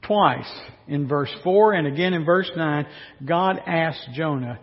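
A man's voice: on the high side, measured pace. A male pastor preaching a sermon in a wry, joking way, full of rhetorical questions. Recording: dull recording with long hall reverb.

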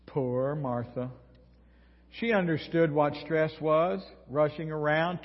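A man's voice: fairly high pitch, takes it slowly. A male pastor delivers a folksy, humorous sermon, recorded in an echoey hall with dull lo-fi sound. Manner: folksy, humorous preaching with props.

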